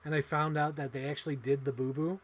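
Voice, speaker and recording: A man in his thirties hosting a casual livestream, rambling excitedly and swearing casually. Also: on the high side, fast talker, slightly rough. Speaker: livestream host.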